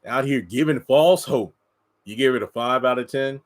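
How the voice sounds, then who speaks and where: Man, TV reviewer, casual commentary, animated, answers chat, mid-pitched voice. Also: normal speed, low-quality recording. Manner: animated, mocks characters with high put-on voices. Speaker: TV show reviewer.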